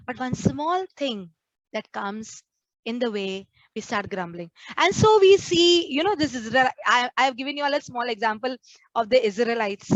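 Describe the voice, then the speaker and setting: A woman's voice: on the high side, normal speed, dry recording, lo-fi sound. A woman, a nun preaching a sermon to a prayer group and acting out the complaints she quotes. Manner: earnest, acts out quoted complaints.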